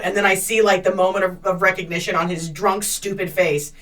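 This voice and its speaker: A woman with a bright, forceful voice tells a story in loose podcast chat, cursing often and jumping into the voices of the people in it. She sounds a little distant from the mic. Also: on the low side, quick pace, hardly any pauses. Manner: profane, animated storytelling with acted-out quotes. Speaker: podcast co-host.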